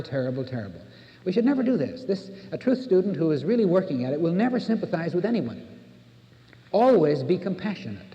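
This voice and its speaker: A man's voice: a little high, warm tone. Older American man preaching in a reverberant hall. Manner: earnest, rhetorical, repeats words for emphasis. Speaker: minister. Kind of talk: sermon. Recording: dull old cassette recording in a reverberant hall.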